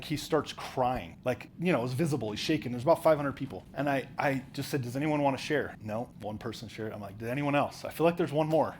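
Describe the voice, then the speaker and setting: A man speaking on stage to a crowd, his voice sitting a little above the usual male range. He coaches with animated, directive energy and tells stories between instructions. A faint ambient hiss runs beneath the talk. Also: fairly high pitch. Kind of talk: motivational talk to a live audience. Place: conference hall with audience.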